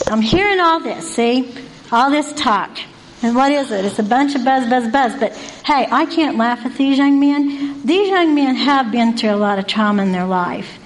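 A woman who works night staff at a youth residence tells an animated personal story, acting out the people in it. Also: high-pitched, normal speed, slight background noise, rough recording. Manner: animated, conversational, acts out voices.

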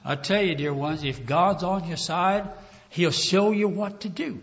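A man preaching a sermon with emotion, calling his listeners "dear ones" and swinging from hushed talk to loud cries. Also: high voice, measured pace. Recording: dull lo-fi recording, long hall reverb.

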